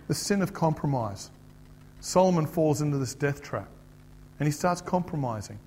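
A man's voice: mid-range voice, normal speed, darkish tone, long reverb tail, a little hiss or hum. A middle-aged man with an Australian accent, preaching a chatty, joking sermon and asking the audience questions. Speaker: pastor. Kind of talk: conversational sermon.

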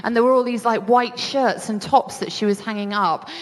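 A woman's voice: fairly high pitch, normal speed. A woman with a British accent preaching a sermon in an earnest, conversational way, often restarting her sentences. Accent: British English. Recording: long hall reverb.

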